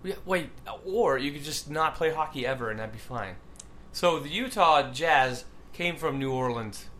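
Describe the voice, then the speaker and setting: A man's voice: a little high, lively intonation, normal speed, pushed and bright. A man from Texas, a guest in casual podcast banter, easygoing and rambling. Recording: faint background noise.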